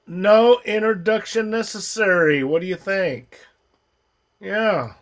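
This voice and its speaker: An unhurried, middle-pitched voice musing aloud over an old movie, naming the cast one by one. The delivery is hesitant and loose, full of pauses. A film's music plays quietly in the background. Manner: hesitant, musing, often trailing off. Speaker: viewer naming actors in a film. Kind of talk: casual watch-along commentary. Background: faint film soundtrack.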